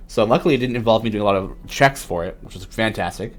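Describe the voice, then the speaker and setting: A man's voice: fairly low pitch, quick pace. A man hosting a casual livestream, chatting loosely with lots of fillers and reading out viewer questions. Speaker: stream host.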